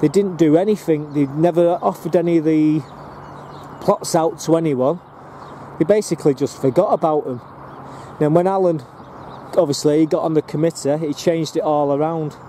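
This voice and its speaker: A man's voice: fairly high pitch, normal speed, warm tone, a little hiss or hum. A man giving a rambling, casual walking tour of his allotments, full of ums and restarts, filmed outdoors on a handheld camera. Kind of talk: casual walk-and-talk commentary.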